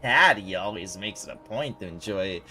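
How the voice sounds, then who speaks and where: Man voicing a polite secretary-bodyguard, formal, measured, bright tone. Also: sits low, lively intonation, faint music behind, voice pushed down, full character voice.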